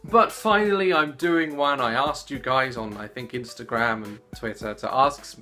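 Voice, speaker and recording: A man in his late twenties answers fan questions to camera in a casual, giggly, animated way. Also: normal speed, few pauses. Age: 20s. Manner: giggly and animated, jumping into squeaky voices. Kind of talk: casual Q&A vlog. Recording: soft music playing underneath.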